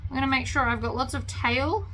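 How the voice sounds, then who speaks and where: This woman's voice sits high and moves fairly quickly, with a fairly bright tone and a bit of hiss or hum beneath the running sewing machine. She hosts an easygoing sewing tutorial, talking to herself as she works and sounding enthusiastic and pleased with her stitches.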